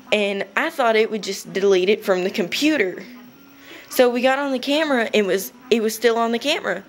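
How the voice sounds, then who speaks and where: A young woman casually telling a rambling story to her webcam at home, chatty and giggly, with quick bursts. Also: a little high. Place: home room.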